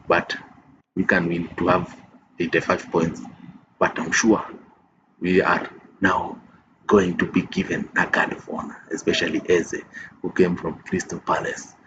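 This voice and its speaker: A man's voice: sits low, dull audio, noisy background. A man hosting a fan reaction channel, euphoric and repeating his phrases like chants. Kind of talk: excited fan reaction vlog. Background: music playing under the voice.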